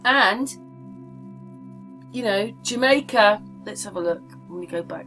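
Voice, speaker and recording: A chatty woman talks her viewers through pictures on screen. Her voice sits at an ordinary middle pitch. She rambles and asks them questions as she goes. Soft music plays faintly behind her. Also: animated, a little slow, pauses often, poor audio. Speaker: channel host. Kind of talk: casual screen-share commentary.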